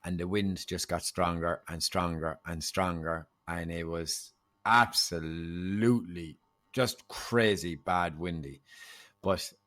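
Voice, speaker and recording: A man's voice: low voice, fairly even intonation, slow, fairly bright tone. An Irish man, a podcast guest, telling a story in casual chat and acting out the dialogue. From Ireland.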